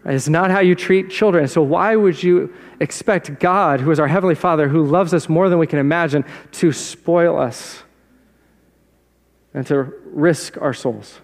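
Pastor guy w a high voice, chatty sermon style, lots of right? and don't we?, big echoey church hall. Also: unhurried. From South Jersey. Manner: conversational preaching with rhetorical questions. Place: church sanctuary.

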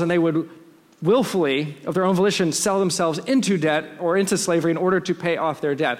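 A man's voice: on the high side, in a large hall. A man preaching a sermon in a conversational, explanatory way with frequent asides. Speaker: pastor.

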